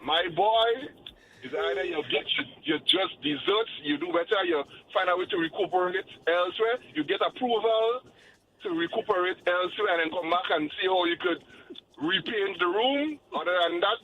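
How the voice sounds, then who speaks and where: A man's voice: sits high, normal speed, vocal fry, lo-fi sound, a little hiss or hum. A man co-hosting a radio advice chat, joking and acting out reactions. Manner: animated, joking, acts out reactions. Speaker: radio co-host.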